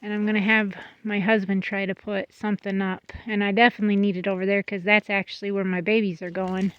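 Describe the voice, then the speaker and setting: Outdoors in a goat pen, a woman who breeds dairy goats gives a casual, fast-paced tour, recorded on a phone with no room sound. Her mid-pitched voice stays level and comes across slightly dull and lo-fi, while goats can be heard nearby and she drops affectionate asides to them.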